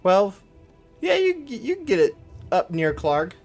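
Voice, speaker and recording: A man narrating as game master in a tabletop game, casual and relaxed, swearing now and then. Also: high-pitched, slow, soft background music.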